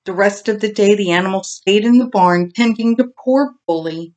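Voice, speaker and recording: A woman reading a children's storybook aloud as narrator, in an expressive, animated way. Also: mid-range voice, moderate pace, few pauses.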